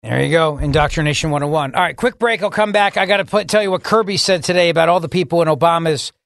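A man's voice: a little high, quick pace, vocal fry, fairly bright tone, no room sound. A man hosting talk radio, indignant and emphatic, repeating words for stress. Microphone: studio microphone.

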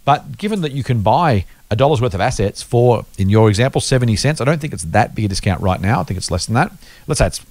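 A man's voice: medium pitch, expressive, fast, darkish tone, dry recording. A man co-hosting an investing podcast, explaining points patiently with worked examples in casual chat. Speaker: podcast co-host.

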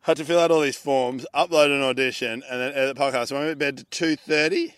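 Bright-voiced Australian comic telling a story. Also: male voice, mid-range voice, fast talker, clean tone, no echo, clean studio sound. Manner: animated, swears freely, acts out voices. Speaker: comedian and podcast co-host. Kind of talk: casual storytelling chat.

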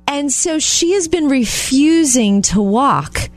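A woman radio co-host with a slightly high voice that rises and falls widely as she talks. She chats casually and laughs her way through stories. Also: animated, slow, faint music behind. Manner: chatty, laughing storyteller.

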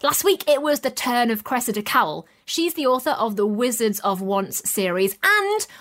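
Woman podcast presenter, cheerful scripted read, higher voice. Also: sing-song, normal speed, fairly bright tone. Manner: upbeat, direct to listeners.

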